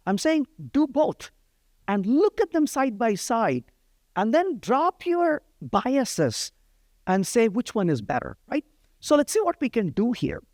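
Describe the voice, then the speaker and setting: Animated man teaching code. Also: very high voice, no room sound, studio quality. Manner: conversational, many "right?" check-ins. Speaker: programming instructor. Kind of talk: live-coding lecture.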